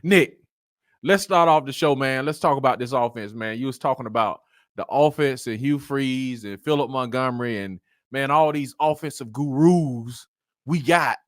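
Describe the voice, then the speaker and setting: A man hosts a casual sports talk show, talking animatedly and tacking "man" onto his lines. His voice sits at a middling pitch. The sound is dry and close, with no room echo. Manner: animated, repeats "man" often, drawn-out emphasis.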